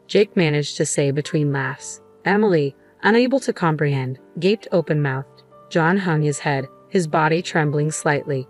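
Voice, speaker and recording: A woman with a low voice narrates a first-person story in a calm, even manner. Her reading is steady and measured, with faint background music underneath.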